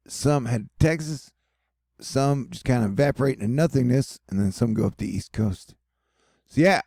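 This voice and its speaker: A man's voice: medium pitch, creaky, warm tone, husky, no echo, studio quality. A man hosting a casual weather update, rambling along with jokey, self-mocking asides. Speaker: weather news host. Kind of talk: casual weather commentary over maps.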